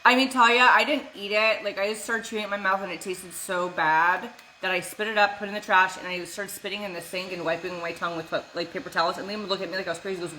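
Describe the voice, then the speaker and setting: A woman's voice: on the low side, fairly even intonation, rapid-fire, hardly any pauses, pushed and bright, slight background noise. A young woman talking casually on a live stream from home, blunt and swearing freely as she answers her viewers by name. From United States. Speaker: vlogger answering live chat.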